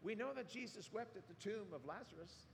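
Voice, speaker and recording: A male pastor delivers a sermon, retelling the story animatedly and acting out the quotes. His voice sits fairly high for a man. The sound carries a long hall reverb over a faint room hum. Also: animated, fairly quick, vocal fry.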